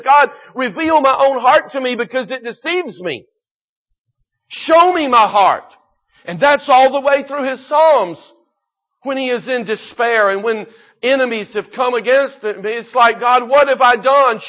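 A man preaching a sermon, moving between quiet solemn scripture reading and loud fervent exhortation. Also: very high voice, muffled recording. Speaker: pastor.

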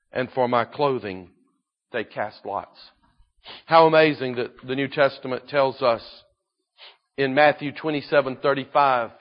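A man preaching a sermon, moving between quiet solemn scripture reading and loud fervent exhortation. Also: a little high, muffled recording. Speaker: pastor.

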